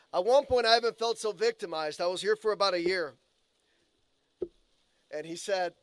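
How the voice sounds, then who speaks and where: A man's voice: high voice, no room sound. A man delivering an earnest memorial eulogy for a colleague, telling stories and quoting the deceased. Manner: earnest storytelling with quoted asides. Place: funeral home chapel.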